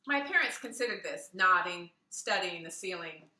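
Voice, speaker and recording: A woman reading a children's book aloud in an expressive way, with asides, heard roomy and from a distance. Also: fairly low pitch, normal speed. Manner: expressive, adds asides and laughs. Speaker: reader.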